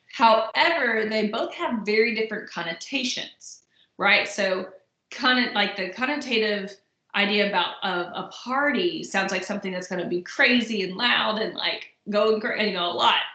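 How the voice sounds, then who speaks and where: Young woman, college lecturer, relaxed and chatty, crisp bright voice, roomy recording. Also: mid-range voice. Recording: echoey room.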